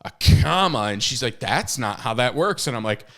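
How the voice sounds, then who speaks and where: A man's voice: mid-range voice, lively intonation, a little fast, fairly bright tone. A man in his thirties talking candidly on a podcast, telling stories with plenty of fillers and restarts. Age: 30s. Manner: candid, self-deprecating storytelling with many fillers and restarts. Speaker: podcast co-host and author. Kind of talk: casual podcast conversation.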